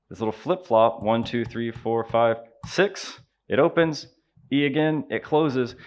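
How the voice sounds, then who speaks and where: A man with a Southern US accent giving a live conference tutorial, upbeat and chatty, joking with the audience as he runs a software demo. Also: mid-range voice. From Southern United States. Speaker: conference presenter.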